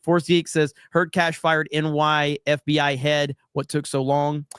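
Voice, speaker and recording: A man's voice: a little high, monotone, a little slow, a bit bright, clear, resonant tone, no room sound, clean studio sound. A man hosting a casual livestream, reading viewer comments aloud with jokes and frequent fillers. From USA. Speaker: livestream host reading chat.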